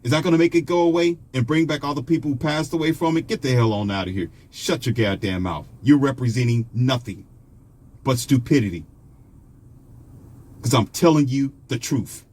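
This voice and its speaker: A man's voice: medium pitch, normal speed, a little mellow. A man delivering a confrontational, mocking monologue to his viewers, scolding them and preaching his own predictions. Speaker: online commentator. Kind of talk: ranting monologue.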